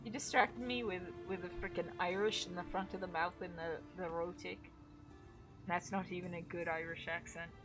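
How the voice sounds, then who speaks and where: A woman streaming a video game, chatting excitedly with a co-player and viewers, swearing now and then. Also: lowish voice, normal speed. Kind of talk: casual gaming stream chat. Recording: game music behind.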